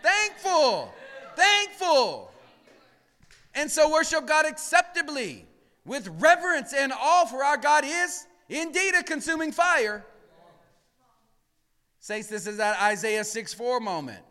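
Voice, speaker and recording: High-voiced pastor preaching in a reverberant church. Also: male voice, lively intonation, measured pace. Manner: swings from hushed murmurs to shouted emphasis, calls for responses. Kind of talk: sermon. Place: church sanctuary.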